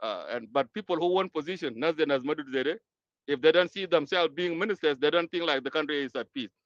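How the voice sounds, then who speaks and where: A man from Sudan, moderating an online audio-room discussion in a measured, hesitant way with many pauses and fillers. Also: fairly high pitch, no room sound, lo-fi sound. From South Sudan.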